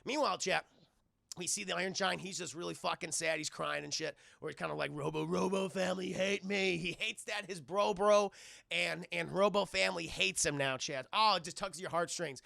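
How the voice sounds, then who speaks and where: A man's voice: sits high, a little fast, creaky, no echo, clean studio sound. A man streaming a casual, profane scene-by-scene film recap to his live chat, acting out the scenes. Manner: animated, swearing, acting out scenes.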